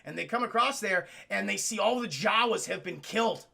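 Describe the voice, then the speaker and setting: A young man streaming, retelling a film to his chat in a loose, animated way and swearing often. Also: high voice, fairly quick, gravelly. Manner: animated, profane, addresses chat. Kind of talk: casual livestream movie retelling.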